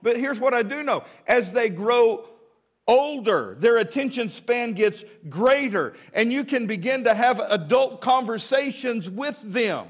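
A man, preaching a sermon in a folksy, humorous way, often restarting his sentences and dropping to a quiet voice for asides. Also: very high voice, expressive, unhurried, slightly rough. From American South. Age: 50s. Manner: drops to a quiet, intimate tone for asides. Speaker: pastor.

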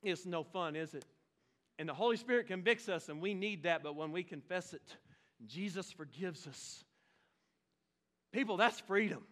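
A man, preaching a lively sermon with exclamations and playful asides. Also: high-pitched, normal speed, long pauses. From Oklahoma. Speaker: pastor.

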